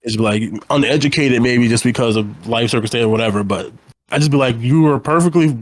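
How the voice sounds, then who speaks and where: A man's voice: mid-range voice, brisk, no echo. A young man co-hosting a podcast, chatting casually in a rambling, profane, exasperated way and laughing often. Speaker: podcast co-host. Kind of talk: casual chat.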